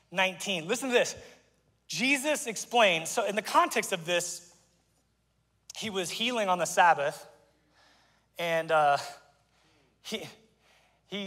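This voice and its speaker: An excitable male pastor preaching in a high, bright voice, folksy and a bit out of breath. He stumbles and doubles back on his words as he goes. The sound carries a long reverb from a church sanctuary. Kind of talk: energetic sermon.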